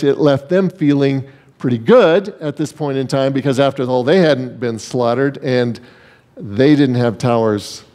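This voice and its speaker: Mellow-voiced male pastor preaching. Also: medium pitch. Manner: emphatic preaching with repeated phrases. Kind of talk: sermon.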